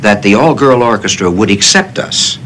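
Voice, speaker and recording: Animated older male storyteller. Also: on the low side, normal speed, a little hiss or hum. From United States. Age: 60s. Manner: animated raconteur, self-deprecating. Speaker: actor guest. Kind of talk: casual interview storytelling.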